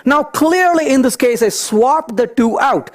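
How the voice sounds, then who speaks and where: Animated man giving a coding talk. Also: very high-pitched, measured pace. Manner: animated, storytelling asides, thinks aloud. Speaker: conference speaker. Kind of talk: technical talk with live coding.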